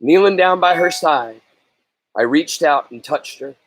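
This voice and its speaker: A man reading a novel aloud in a slow, earnest storytelling manner. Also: a little high. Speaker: reader.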